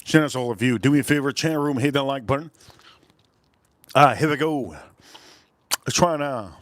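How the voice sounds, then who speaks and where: A man's voice: mid-range voice, normal speed, dry recording. A man from Miami rambling crudely and joking while eating on a live stream. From Miami, Florida. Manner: rambling, crude, joking, talks with food in mouth. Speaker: livestream food reviewer.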